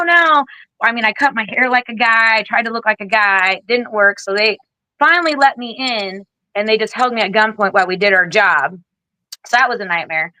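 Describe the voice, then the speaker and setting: A woman in her forties, a military veteran being interviewed, telling her story in a candid, blunt, animated way, with casual swearing and lively acted-out quotes. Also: on the high side, no echo, low-quality recording. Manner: animated, acts out other people's lines. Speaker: guest, Air Force veteran.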